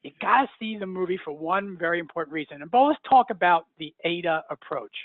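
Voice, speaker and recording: A man's voice: high voice, expressive, quick pace. A middle-aged man from New York hosting a sales webinar, chatty and self-mocking. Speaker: webinar host. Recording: tinny dry phone line.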